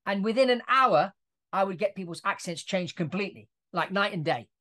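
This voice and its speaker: A man's voice: high-pitched, animated, fairly quick, bright, forceful tone. A man in his forties who grew up in Italy, hosting a podcast interview as a chatty storyteller who laughs often. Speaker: podcast host. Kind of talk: casual interview chat.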